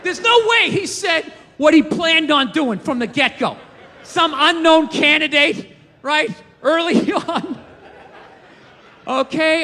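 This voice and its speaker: A man doing a stand-up comedy routine, rambling and swearing through animated rants. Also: very high voice, slow pace, long reverb tail, slight background noise. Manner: profane, rambling, animated rants with acted-out quotes.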